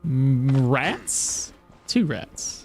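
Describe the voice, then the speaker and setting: A man's voice: mid-range voice, big pitch swings, extremely slow, a little mellow, faint music behind. A man chatting casually on a live stream, talking to himself and answering chat while he plays. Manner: chatty, talks to himself and reads chat aloud. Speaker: game streamer.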